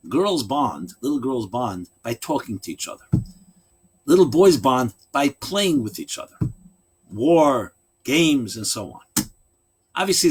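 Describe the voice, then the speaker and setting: A man giving a lecture, telling a story in an animated, expressive way. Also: a little hiss or hum. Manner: animated, expressive storytelling with big pitch swings. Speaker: speaker.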